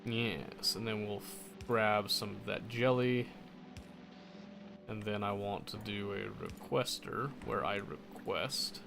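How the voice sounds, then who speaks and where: A man's voice: lowish voice, slow pace, gravelly, music in the background. A man casually commenting on his own gameplay, muttering to himself and correcting his mistakes as he goes. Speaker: gameplay streamer.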